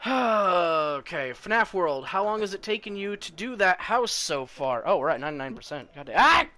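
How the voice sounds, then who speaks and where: A man's voice: high voice, very animated, moderate pace, sharp tone, poor audio. A young man streaming a game live, chatting casually, reading chat aloud and swearing freely.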